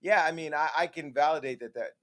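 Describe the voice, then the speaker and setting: A man hosting an interview, asking questions and giving his own measured view. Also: fairly high pitch, a bit bright. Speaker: host and interviewer.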